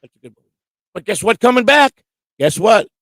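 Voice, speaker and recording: A man co-hosting a casual livestream, loud and giddy, repeating himself and laughing a lot. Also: high-pitched, big pitch swings, brisk, no echo. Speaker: livestream co-host. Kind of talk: rowdy casual livestream chat.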